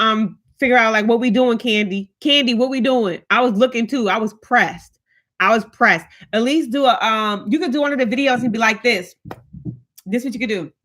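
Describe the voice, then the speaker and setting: A woman's voice: on the high side, sharp tone. A woman in her thirties hosting a casual live stream, chatting with viewers, greeting them by name and laughing often. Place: home, in front of lights.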